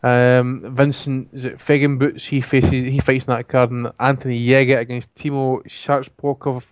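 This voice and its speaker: A man's voice: mid-range voice, level tone, moderate pace, no room sound. A man hosting a casual podcast, blunt and bantering, swearing freely. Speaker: podcast host. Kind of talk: casual chat. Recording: dry, dull lo-fi audio.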